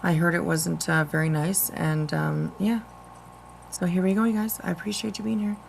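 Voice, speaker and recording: A woman's voice: fairly low pitch, fairly even intonation, normal speed, gravelly, slight background noise, low-quality recording. A woman hosting a casual live stream of drama commentary, rambling with many fillers.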